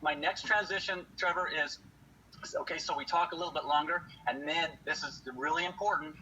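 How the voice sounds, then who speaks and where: A man giving an energetic sales training talk to his team, acting out lines he uses with customers. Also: a little high, fairly quick. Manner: energetic, acts out customer dialogue. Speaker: solar sales presenter. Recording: slightly dull audio, faint noise.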